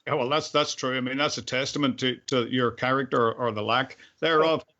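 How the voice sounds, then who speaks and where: A male host asking interview questions over a video call, halting and repeating words as he goes. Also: medium pitch, steady tone, bright, forceful tone. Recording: dull video-call audio.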